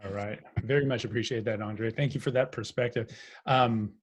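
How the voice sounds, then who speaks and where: A man's voice: mid-range voice, steady tone, moderate pace. A man who moderates a foundation's online panel, polite and appreciative, speaking loosely over a video call.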